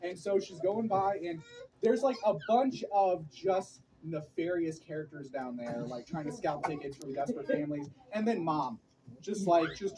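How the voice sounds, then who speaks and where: A man in his thirties telling lively, laughing stories about his late mother at a memorial gathering. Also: a little high, moderate pace, a crowd in the background. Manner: animated, laughing anecdotes. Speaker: eulogy speaker. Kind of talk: storytelling at a memorial. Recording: distant and noisy room recording.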